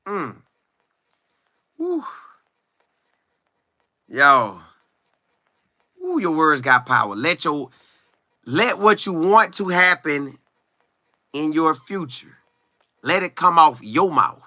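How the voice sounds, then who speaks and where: Lively, bright-voiced man chatting with viewers. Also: a little high, no echo, studio quality. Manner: animated, chatty, sings and riffs, reads viewer comments aloud. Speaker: sports commentary streamer. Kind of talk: casual live-stream chat.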